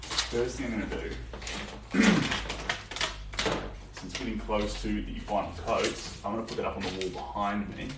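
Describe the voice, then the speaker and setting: On a live painting stream from his indoor studio, a young Kiwi man with a lowish voice talks unhurriedly, leaving long pauses and plenty of ums while responding to viewer comments in a relaxed, chatty manner. The mic is distant, the room echoes, and faint background noise is present.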